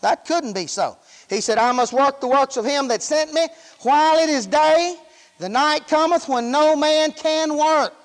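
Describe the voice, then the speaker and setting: Man, preacher, very high voice, folksy sermon, long hall reverb. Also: a little slow. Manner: folksy preaching with rural grammar and repeated praise interjections.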